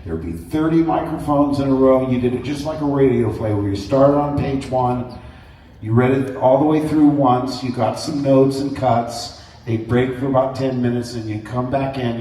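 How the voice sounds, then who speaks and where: A man speaking as a guest on a convention panel, telling stories in an animated way, acting out voices and laughing often. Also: mid-range voice, moderate pace. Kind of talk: anecdotal storytelling to an audience. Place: large convention hall. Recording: echoey hall from far off.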